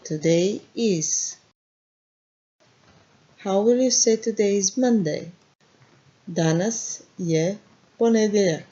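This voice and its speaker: A woman with a Montenegrin accent teaching a language lesson, repeating words slowly and quizzing the listener. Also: mid-range voice, mellow, lo-fi sound.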